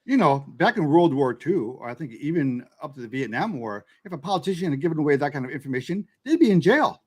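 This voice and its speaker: A man's voice: fairly high pitch, very animated, quick pace. A man co-hosting a casual political chat, speaking indignantly and emphatically.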